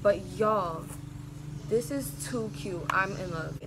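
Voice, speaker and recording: A woman vlogging on her phone outdoors at home, chatty, excitable and full of slang. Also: medium pitch, slow pace. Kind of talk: casual vlog chat. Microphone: phone camera. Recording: clear outdoor background noise. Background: neighbors' music, outdoor ambience.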